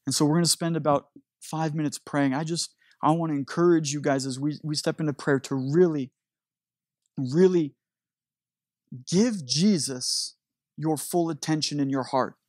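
A man's voice: on the high side, moderate pace, darkish tone, dry recording, studio quality. A man preaching a sermon as a pastor, telling a story animatedly with frequent restarts.

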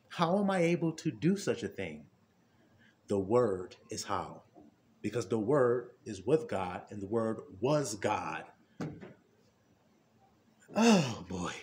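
A man delivers an informal, conversational sermon, asking rhetorical questions and laughing often as his voice swings from low murmurs to high exclamations. His tone is a little mellow, with slight hiss or hum in the audio.

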